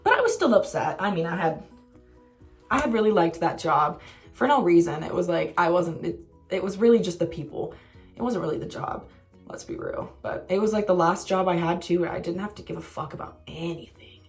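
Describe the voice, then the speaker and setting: A woman's voice: fairly low pitch, expressive, a little fast, soft background music. A young woman telling a casual storytime vlog, candid and self-mocking, swearing freely. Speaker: vlogger.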